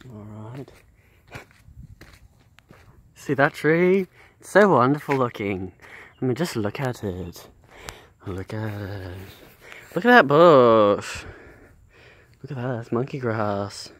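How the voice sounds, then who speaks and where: A man filming around his house, narrating in a hushed, deadpan mock nature-documentary voice on his handheld camera. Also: medium pitch, slow, pauses often, dry recording. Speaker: vlog host and cameraman.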